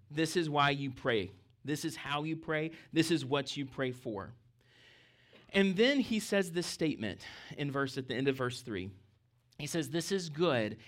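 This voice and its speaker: A man's voice: medium pitch, a bit bright. A man, a pastor, preaching a conversational sermon, checking in with the congregation and laughing between points. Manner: conversational preaching with frequent "okay?" check-ins.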